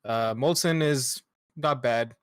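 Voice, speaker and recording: A man's voice: mid-range voice, takes it slowly, no echo, studio quality. Easygoing guy chatting. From Canada. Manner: easygoing, rambling. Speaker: co-host. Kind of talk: casual podcast chat.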